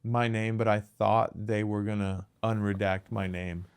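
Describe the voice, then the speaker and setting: A young man co-hosting a casual comedy podcast, joking with a deadpan tone and laughing often. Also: lowish voice, measured pace, smooth. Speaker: podcast co-host.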